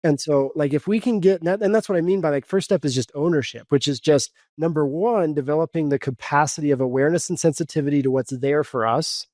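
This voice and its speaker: A man's voice: a little high, fast, few pauses, a little mellow, no room sound, clean studio sound. A man coaching in a podcast interview, explaining step by step in an earnest tone and acting out his own inner dialogue. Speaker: guest coach.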